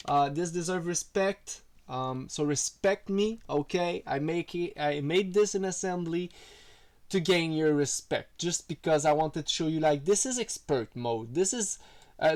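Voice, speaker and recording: A man's voice: medium pitch, darkish tone. A man giving a casual, rambling programming walkthrough, full of fillers and self-deprecating asides. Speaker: programming tutorial creator. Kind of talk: casual screen-recorded coding walkthrough.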